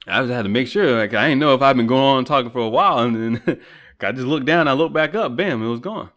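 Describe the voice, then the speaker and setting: Man, solo podcast host, rambling, profane, ranting, mid-pitched voice. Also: fast talker, fairly bright tone. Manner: rambling, profane, ranting, voice rising when heated. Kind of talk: casual solo podcast monologue. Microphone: computer recording setup.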